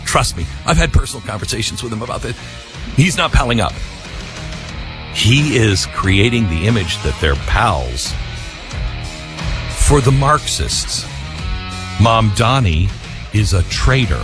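A man hosting a talk radio show, giving opinionated commentary and mimicking others in quick quoted asides. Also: mid-range voice, very animated, a bit bright, faint music behind.

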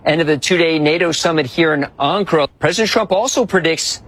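A man filing a brisk, matter-of-fact news report from abroad. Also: a little high, a bit bright. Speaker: news correspondent.

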